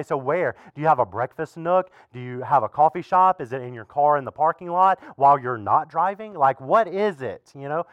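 A man preaching a sermon as pastor in a relaxed, conversational way, with frequent asides to the congregation. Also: fairly high pitch, no echo, highs cut off. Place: church.

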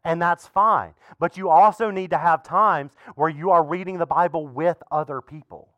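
A man preaching a sermon as pastor in a relaxed, conversational way, with frequent asides to the congregation. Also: fairly high pitch, moderate pace, hardly any pauses, dry recording, dull audio. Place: church.

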